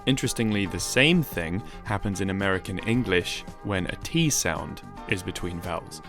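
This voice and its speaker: A man giving a measured, explanatory, scripted narration for a video essay. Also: low voice, animated, music in the background.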